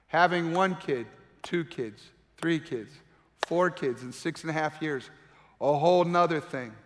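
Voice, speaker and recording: A man's voice: on the high side, fairly bright tone. A middle-aged man preaching a sermon, telling a personal story and building to impassioned pleading. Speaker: pastor. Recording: reverberant hall with faint music.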